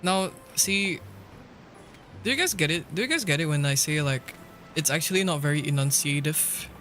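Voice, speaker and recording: A man with a fairly high voice chatting loosely to his stream audience, playful and quick to laugh, tossing in casual swears. Soft music plays faintly behind him. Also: lively intonation. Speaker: livestreamer. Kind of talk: casual game-stream chat. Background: faint background music.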